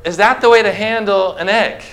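A man's voice: high voice, normal speed, fairly bright tone, a little hiss or hum. A man preaching a sermon to a congregation, asking rhetorical questions and talking them through simple object lessons. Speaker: pastor. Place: church before a congregation.

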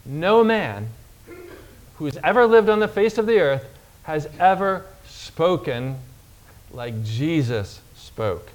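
A man delivers a sermon in a slightly higher-than-average voice. He preaches emphatically, drawing out key phrases and putting questions to his listeners. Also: animated. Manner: emphatic preaching, slowing on key words and reading scripture aloud; addresses congregation with questions.

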